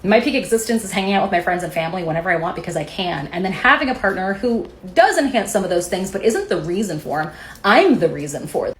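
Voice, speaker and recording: A woman's voice: on the low side, lively intonation, fast talker, a little hiss or hum. A woman talking to camera in an assertive, dismissive way. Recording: roomy echo.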